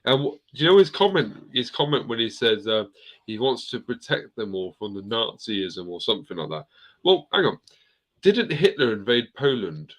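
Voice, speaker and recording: A man's voice: mid-range voice, very animated, normal speed, fairly bright tone. A middle-aged man hosting a casual live chat, rambling through viewer comments and swearing now and then. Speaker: host of a live chat stream.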